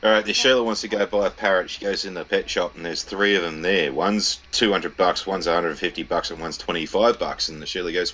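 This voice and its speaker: A man's voice: low voice, fairly even intonation, fairly quick, hardly any pauses, sharp tone, rough recording. A man telling a crude joke in casual chat, laid-back and crude. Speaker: podcast co-host.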